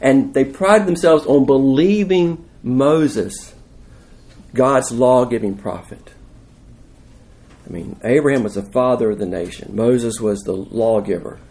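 A man's voice: mid-range voice, unhurried, a little mellow. A man preaching a sermon in a conversational, emphatic way, asking the listeners questions. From United States.

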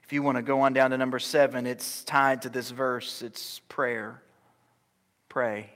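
A middle-aged pastor preaches a sermon, moving from loud, urgent exhortation to soft, almost whispered lines. His mid-range voice is level in tone and unhurried. A long hall reverb colors the recording.

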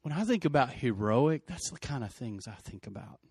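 A man's voice: mid-range voice, very animated, normal speed, darkish tone, breathy edge, no echo, studio quality. A middle-aged man earnestly retelling an emotional story, with many restarts. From West Texas. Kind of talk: personal storytelling.

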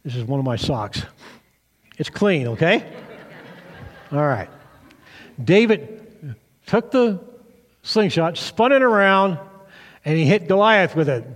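A man's voice: fairly high pitch, very animated, slow, pauses often, big-room sound. A man pastor giving a children's sermon, retelling a story with animation and asking the kids questions.

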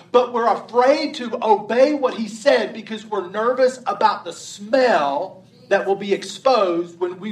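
A man's voice: high-pitched, a bit bright, roomy sound, far from the mic, low-quality recording. A man preaching a sermon as pastor, in a conversational, restarting style.

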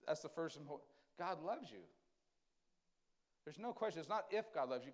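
A man's voice: on the high side, very animated, a little fast. Man preaching a conversational sermon. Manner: conversational preaching, swings between loud emphasis and soft quiet lines; asks the congregation questions. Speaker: pastor.

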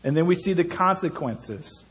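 A man's voice: on the high side, expressive, moderate pace, dull audio. A man preaching an earnest sermon as pastor, building his points with repeated phrases.

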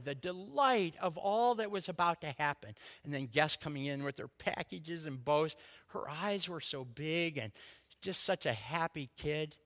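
A man preaching a sermon as a pastor, telling personal stories in a lively way that swings between loud bursts and hushed asides. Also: a little high, long reverb tail.

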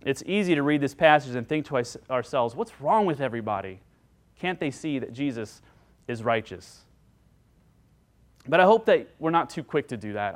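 In an earnest sermon to his flock, a pastor lets his voice rise in pitch and loudness whenever he takes on the figures he's quoting.

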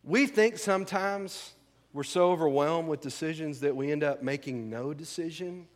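Folksy male pastor in a reverberant hall. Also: medium pitch. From rural American South. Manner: folksy, conversational, asks the congregation questions. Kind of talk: sermon.

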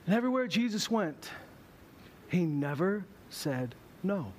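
A man's voice: high voice, sing-song, measured pace, a little hiss or hum. A man preaching a sermon in a church, telling stories with humor and acting out voices. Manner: humorous storytelling, acts out voices. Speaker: pastor.

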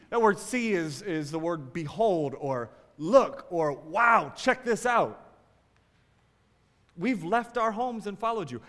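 A man preaching a sermon as a pastor, swinging between loud exclamations and quiet asides. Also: high voice, long reverb tail.

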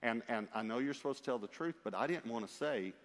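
A male preacher telling a personal story in an emphatic, lively way, with asides to his listeners, in a church. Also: medium pitch, fast. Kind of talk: storytelling sermon. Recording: long reverb of a large hall.

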